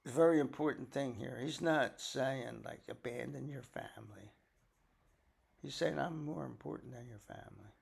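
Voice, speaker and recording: A man's voice: mid-range voice, moderate pace, creaky, breathy edge. An older man, a grandfather, reading scripture aloud and breaking off for folksy, chatty asides to explain it. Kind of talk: bible reading with casual commentary.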